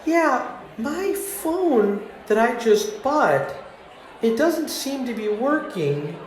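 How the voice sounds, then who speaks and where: A man putting on a fake, sugary-sweet voice as an apologetic phone customer, slow and pleading. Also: very high voice, big pitch swings, pitched above the performer's own voice, heavily acted. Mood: sweetly pleading. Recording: roomy ambience with faint noise.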